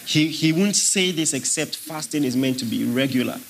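A man's voice: fairly high pitch, normal speed, creaky, a little hiss or hum. A man preaching a sermon, emphatic and questioning his congregation as he teaches. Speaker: pastor.

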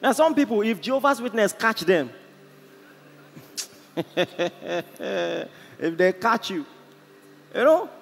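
A man's voice: high voice, a little hiss or hum. A man with a Nigerian accent preaching a sermon in an impassioned, storytelling way. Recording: echoey hall, faint ambience.

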